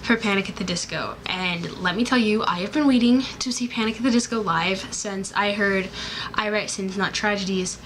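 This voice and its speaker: A woman's voice: mid-range voice, normal speed, a bit bright, a little hiss or hum, rough recording. A young woman vlogging in a bubbly, rambling way, full of fillers and restarts. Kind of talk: casual chatty vlog.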